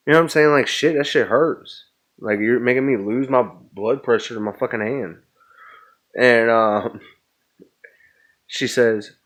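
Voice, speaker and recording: A man's voice: medium pitch, normal speed. A young adult man hosting a podcast, rambling profanely through a casual stoned story. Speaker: podcast host.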